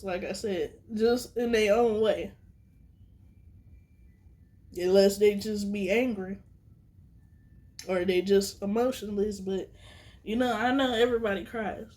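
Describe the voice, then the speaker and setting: A woman's voice: mid-range voice, a little mellow. Teary, earnest woman vlogger. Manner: earnest, emotional, repeats herself for emphasis. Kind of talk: casual vlog monologue.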